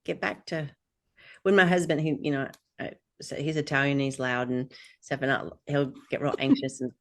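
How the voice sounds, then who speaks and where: Guest, middle-aged woman: low gravelly voice, rambling anecdotes. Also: steady tone, moderate pace. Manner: rambling storyteller with frequent fillers and laughs. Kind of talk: casual chat.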